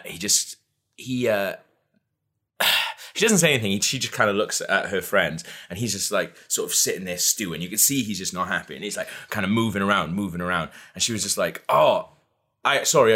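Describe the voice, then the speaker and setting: Male co-host, casual storyteller, lowish animated voice, sweary and giggly. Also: a little fast. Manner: laughing, swearing anecdote-teller. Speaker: podcast co-host.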